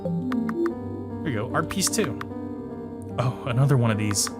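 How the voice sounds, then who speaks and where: Wry male let's-player, mid-pitched, game music behind. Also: huge pitch swings, slow. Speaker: let's play host. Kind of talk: casual game commentary.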